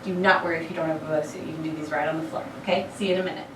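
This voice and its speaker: A woman's voice: sits low, steady tone, racing, background noise. Chatty fitness instructor woman counting reps. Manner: encouraging, chatty asides between counted reps. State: frog in her throat. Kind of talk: workout instruction with rep counting. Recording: echoey room, mic far off.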